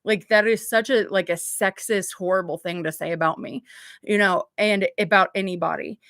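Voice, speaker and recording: Chatty and meandering, this livestream host packs her talk with "like" fillers and blunt profanity. She speaks at medium pitch and a moderate pace with fairly even intonation and a fairly bright tone, in studio quality with no echo.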